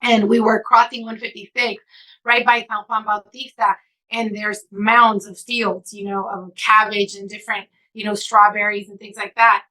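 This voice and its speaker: This is a heartfelt interview answer from a woman author from California, told with emotion and earnestness, with Spanish slipped in at times. Her mid-range voice sounds pushed and bright, with little pitch movement and a moderate pace, on a rough recording.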